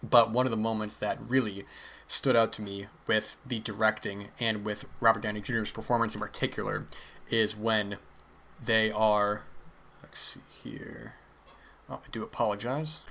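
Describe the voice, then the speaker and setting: Bright-voiced man musing on film. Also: fairly low pitch, flat delivery, moderate pace, slight background noise. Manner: earnest, rambling with self-corrections. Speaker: podcast host. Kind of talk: casual film commentary monologue.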